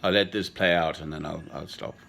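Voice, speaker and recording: A man in his sixties talking in a slow, sentimental, rambling personal monologue with chuckles. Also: sits low, fairly even intonation, gravelly, sharp tone, a little hiss or hum. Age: 60s. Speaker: speaker addressing a woman.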